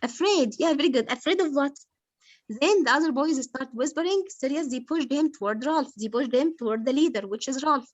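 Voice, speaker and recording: A woman's voice: high-pitched, fairly quick, dry recording, dull audio. A woman teaching English literature, explaining a novel to her class patiently and quizzing her pupils, with lots of "like" as filler.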